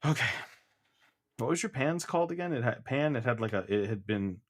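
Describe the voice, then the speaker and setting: A man's voice: medium pitch, lively intonation, brisk. A man hosting a comedy podcast, coaxing his co-host along in a hesitant manner, with frequent laughs and restarts. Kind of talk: improvised comedy bit.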